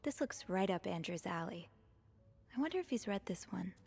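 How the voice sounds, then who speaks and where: An actress voicing a curious young woman who snoops through clues, musing softly and at times whispering to herself. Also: mid-range voice, sing-song, moderate pace, vocal fry, faint music behind. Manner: soft musing, partly whispered.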